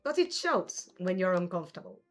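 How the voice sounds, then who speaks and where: A woman's voice: on the low side, sing-song, fairly quick. Chatty woman streamer over faint music. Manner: chatty, answers viewers' chat messages. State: has the hiccups. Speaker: livestream gamer host. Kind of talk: casual live-stream chat.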